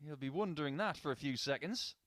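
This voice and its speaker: A man's voice: a little high, expressive, quick pace, a bit bright, a little hiss or hum. A man giving live darts commentary in a chatty, upbeat way with small personal asides.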